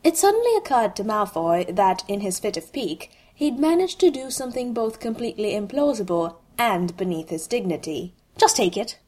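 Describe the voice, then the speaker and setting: A woman reading a humorous fan fiction story aloud in an expressive, wry way. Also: medium pitch, fairly quick, few pauses. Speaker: narrator.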